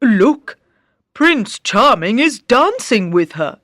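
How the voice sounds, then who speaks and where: A woman putting on shrill bossy stepsisters. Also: very animated, slow, a bit bright, no echo, studio quality, heavily acted. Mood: curious. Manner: shrill, demanding, scornful. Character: two shrill bossy young ugly stepsisters. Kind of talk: storybook read-aloud.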